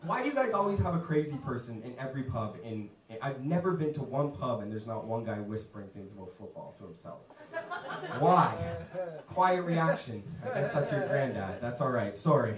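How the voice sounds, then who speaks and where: A man's voice: mid-range voice, very animated, normal speed. A man from Canada doing a live stand-up set, self-deprecating and chatting with the crowd. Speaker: stand-up comedian. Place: comedy pub stage in London. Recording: roomy club sound from far off, audience around. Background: audience laughing.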